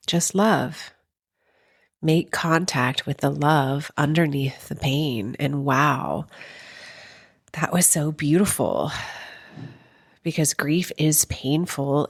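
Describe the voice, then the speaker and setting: A woman in her forties hosting a podcast, speaking in a tender, heartfelt spiritual monologue with unhurried pauses, at times close to tears. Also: low voice, dry recording. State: tearful at times. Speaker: podcast host.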